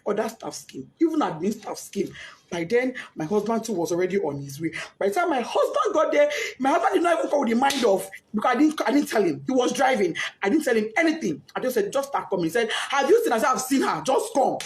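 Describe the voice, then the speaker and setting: Grieving Nigerian woman, high and shouting. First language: Yoruba. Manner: impassioned, pleading, often shouting. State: grieving, tearful. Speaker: bereaved mother. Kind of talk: emotional personal statement.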